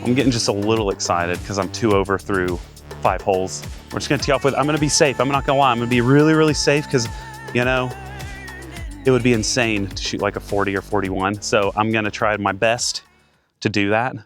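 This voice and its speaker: Excitable man narrating his golf round. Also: fairly low pitch, a little fast, faint music behind. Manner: excitable, talks to himself between shots. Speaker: golf vlogger. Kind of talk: casual play-by-play on the course. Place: outdoors on a golf course.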